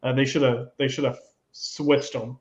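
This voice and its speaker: A man co-hosting a podcast in relaxed casual chat, often agreeing and using fillers. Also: mid-range voice, normal speed, reverberant, highs cut off. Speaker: podcast co-host.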